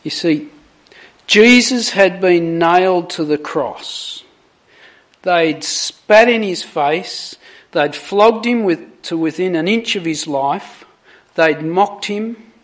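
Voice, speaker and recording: Slow, deliberate preacher with a raised voice. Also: male voice, high voice. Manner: slow, deliberate, dramatic emphasis on quoted lines. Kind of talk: sermon with scripture reading.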